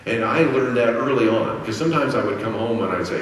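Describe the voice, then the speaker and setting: A middle-aged man giving a Christian apologetics lecture at a conference, teaching in a steady way and asking rhetorical questions he then answers himself. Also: medium pitch, a little fast, a little hiss or hum. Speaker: conference speaker. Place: conference hall. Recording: very echoey hall, distant mic, faint ambience.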